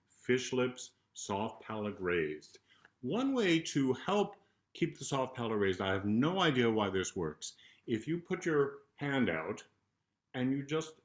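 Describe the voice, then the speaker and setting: An older man, a choral conductor, calmly explaining a vocal warm-up to singers. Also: lowish voice. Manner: calm explanatory coaching, breaks into sung demonstrations. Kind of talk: vocal warm-up instruction with demonstrations. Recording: roomy sound with loud piano accompaniment.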